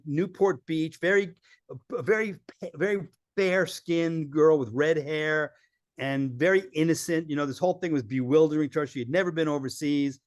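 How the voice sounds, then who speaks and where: A man telling lively travel stories as a podcast guest, acting out the people he quotes. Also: a little high, dry recording, studio quality. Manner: animated storyteller acting out quoted voices. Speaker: filmmaker guest. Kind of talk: storytelling in a podcast interview.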